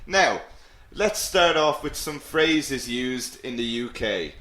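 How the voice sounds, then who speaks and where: A man's voice: mid-range voice, expressive, slow, sharp tone, roomy sound. An Irish man teaching English in a live webinar, upbeat and encouraging, repeating key phrases. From Ireland.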